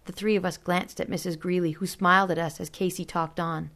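A woman reading a story aloud as narrator in a steady, measured way. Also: on the low side. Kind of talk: audiobook narration.

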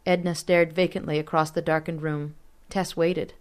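A woman reading a story aloud in measured, expressive scripted narration. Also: on the low side.

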